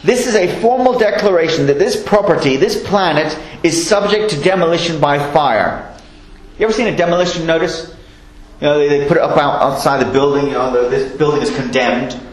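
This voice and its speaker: A man preaching a sermon, reading scripture slowly and then explaining it in a chatty way. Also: a little high, reverberant, poor audio.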